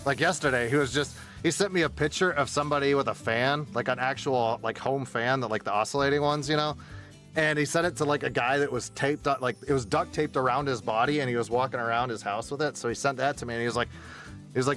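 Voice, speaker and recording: A male game streamer chatting casually with his viewers, his stories rambling and heavy on swearing. His voice sits in a middle pitch range. Faint music plays under his talk. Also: fast, a bit bright. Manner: rambling, profane storytelling with bursts of laughter.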